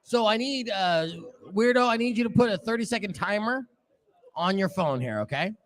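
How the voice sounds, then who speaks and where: A man hosting a live game at a bar event, teasing the players with a quick, playful announcer delivery. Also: sits high, lively intonation, a bit bright. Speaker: radio host running a live game.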